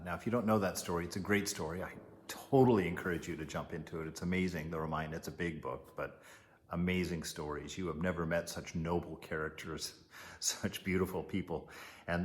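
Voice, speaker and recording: A man gives a casual spiritual teaching and retells a legend with lively storytelling. He adds chuckling asides now and then. His voice sits on the low side.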